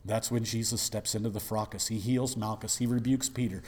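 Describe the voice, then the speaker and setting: A man preaching a sermon in a dramatic, rhetorical and animated way. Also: lowish voice, fairly quick, hardly any pauses.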